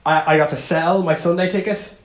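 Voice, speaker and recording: Young guy telling a story real fast, kinda high voice, echoey room. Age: young adult. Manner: animated storyteller, acts out quotes. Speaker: podcast co-host. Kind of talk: casual chat.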